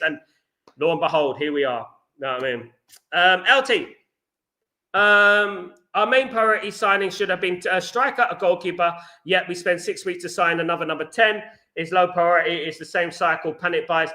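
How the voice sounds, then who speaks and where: A man's voice: high-pitched, fairly quick, sharp tone. A man hosting a live fan stream, reading chat messages and ranting passionately, repeating himself often. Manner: passionate, ranting, repeats "you know what I mean".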